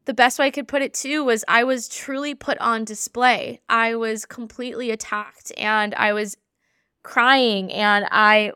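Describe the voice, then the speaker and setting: A woman hosting a podcast as a spiritual practitioner, telling a personal story in an earnest, animated way and acting out the conversations she recalls. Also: fairly high pitch, unhurried, clean tone, dry recording, clean studio sound.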